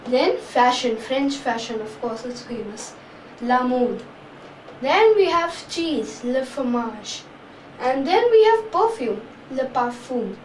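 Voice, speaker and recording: A young woman hosting a beginner French lesson, speaking clearly and repeating each word for her learners. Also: high voice, expressive, slow, a little hiss or hum. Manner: spells out and repeats words. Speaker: French language teacher. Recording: echoey room, voice a bit far from mic.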